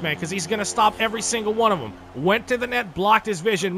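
A man giving excitable, casual commentary over a hockey video game, swearing freely and talking to the players on screen. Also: high voice, a little fast, hardly any pauses, faint music behind. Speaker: gaming YouTuber. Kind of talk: live gameplay commentary.

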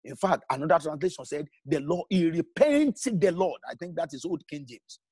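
A man preaching a sermon as pastor, emphatic, with big swings in pitch and pace and halting restarts when explaining. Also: animated, a little mellow, husky, no room sound.

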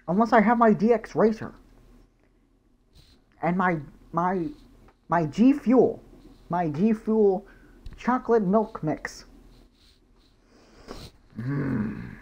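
A man's voice: mid-range voice, muffled recording, slight background noise. Goofy young man rambling over gameplay. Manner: goofy, rambling, jumps into silly voices. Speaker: gaming YouTuber. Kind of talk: casual gameplay commentary.

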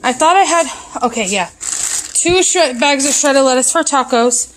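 A woman's voice: sits high, measured pace, fairly bright tone, slight background noise, low-quality recording. A woman vlogging a casual grocery haul at home, chatting as she lists each item one after another. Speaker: mom vlogger.

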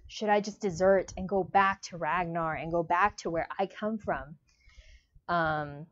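A young woman reviewing a book in a casual vlog, gushing and emotional as she talks. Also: fairly low pitch. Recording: dull lo-fi audio.

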